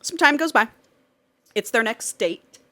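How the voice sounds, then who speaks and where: A woman's voice: a little high, animated, measured pace, pushed and bright, no room sound. A woman co-hosting a podcast who recaps a novel in casual chat, swearing freely, laughing often and acting out the characters' lines. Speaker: podcast co-host.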